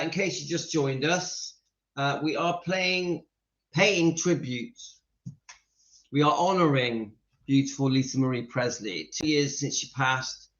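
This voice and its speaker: A man's voice: on the high side, a bit bright. A man hosting a casual live stream, chatting to viewers in a sentimental, friendly way and greeting them by name. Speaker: livestream host. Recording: dull lo-fi audio, faint music behind.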